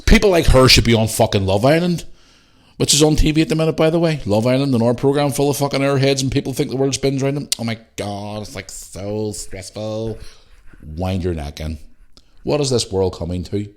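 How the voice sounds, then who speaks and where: A man from Northern Ireland hosts a solo podcast, speaking in a mid-range voice at a quick pace with a Northern Irish accent. He rants bluntly and swears freely.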